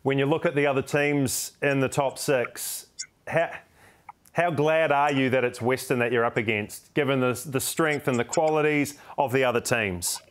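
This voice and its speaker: A man's voice: mid-range voice, moderate pace. A man with a New Zealand accent hosting a football show, asking friendly, upbeat questions. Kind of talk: casual interview hosting.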